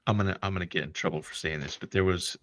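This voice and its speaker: A man hosting a casual livestream chat, animated and profane, laughing often as he tells stories. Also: deep voice, rapid-fire, no room sound. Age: older than internet youth. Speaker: podcast host.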